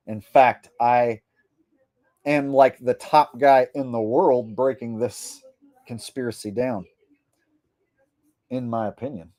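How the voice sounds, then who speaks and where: A man's voice: medium pitch, steady tone, slow pace, long pauses, a little mellow, dry recording, clean studio sound. A man, a comedian, doing live stream commentary in a boastful, profane, rambling way.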